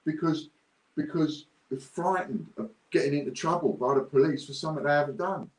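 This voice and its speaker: A man's voice: on the high side, fairly quick, echoey room, rough recording. A man ranting to camera, blunt, indignant and repetitive. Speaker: business owner vlogger.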